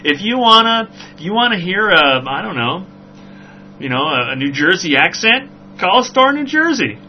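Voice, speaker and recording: A man hosting a podcast, telling a story in a rambling, animated way with frequent "right?" asides. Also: high-pitched, moderate pace. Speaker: podcast host. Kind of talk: casual storytelling chat. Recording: dull lo-fi recording with faint hum.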